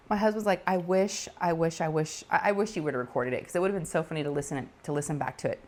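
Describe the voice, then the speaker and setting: Crafting host, woman, middle-aged, lively chatty storyteller who does the voices. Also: low-pitched, quick pace. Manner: animated, laughing, acts out quoted voices. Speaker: diamond painting channel host. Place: home craft table.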